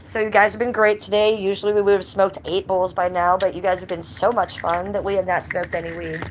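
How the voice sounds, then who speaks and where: A woman's voice: mid-range voice, flat delivery, a little fast, a little hiss or hum. A woman livestreaming casually from a handheld phone at home, reading chat aloud in a blunt, sweary, jokey way. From Cleveland, US. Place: at home, stepping outside in the cold. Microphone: phone held by hand.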